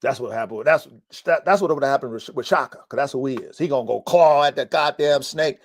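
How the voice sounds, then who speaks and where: A brisk man with a mid-range voice hosts a laid-back live-stream podcast about his dogs at his mountain home. As a dog breeder, he lectures bluntly, swears often and keeps repeating himself to make a point.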